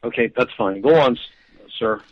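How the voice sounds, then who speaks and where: A man's voice: medium pitch, moderate pace, highs cut off. A man calling into a radio show in a comedic bit, whining, apologetic and self-pitying. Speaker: caller.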